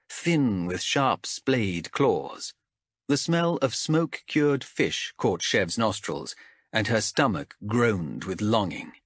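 A man narrating a fantasy audiobook in a measured, expressive storytelling manner. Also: on the low side, slightly rough, no echo, studio quality.

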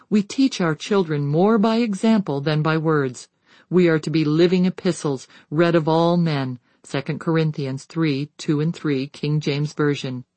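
A devotional book read aloud in a measured, even cadence, with scripture references spoken plainly. The voice sits at a middle pitch and is recorded close and dry, with no room sound around it. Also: no echo. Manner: measured, steady reading, citing scripture verses. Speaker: audiobook reader.

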